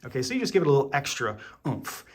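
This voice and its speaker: A man's voice: medium pitch, sing-song, very fast. A man giving an online piano lesson, explaining each step patiently with plenty of ums and okays. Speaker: piano teacher. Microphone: camera mic.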